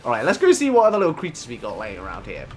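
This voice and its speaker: A young man giving excitable let's play commentary, gushing and laughing often as he plays. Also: medium pitch, rapid-fire, faint music behind. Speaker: gaming channel host.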